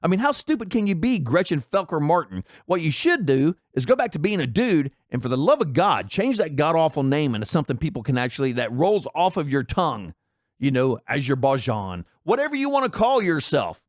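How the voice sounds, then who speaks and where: A man's voice: fairly high pitch, sing-song, brisk, dry recording, clean studio sound. A man hosting a commentary channel, ranting in a sarcastic, indignant and mocking tone.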